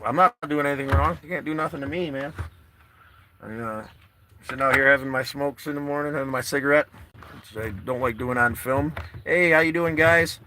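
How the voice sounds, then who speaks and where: Live-streaming from his car outdoors, a male travel vlogger chats with viewers in a relaxed, meandering way. His mid-range voice is bright and forceful, and there's a little hiss or hum in the recording.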